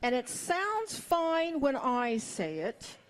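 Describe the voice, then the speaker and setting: Woman, middle-aged, stand-up comic, wry, self-mocking, fairly high voice. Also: big pitch swings, slow. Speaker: stand-up comedian. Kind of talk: stand-up comedy set.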